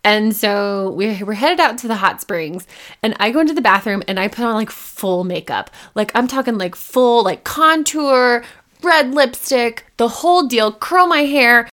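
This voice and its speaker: Speaking directly to her listeners, a podcast host shares a personal story, casual and confessional, in a medium voice. She briefly plays her former self and other people, leaping high in pitch whenever a line gets excited.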